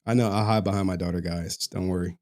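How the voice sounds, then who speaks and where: A man's voice: low voice, steady tone, fast, a little mellow. A male streamer in a casual, profane rant to his viewers, slangy and often laughing.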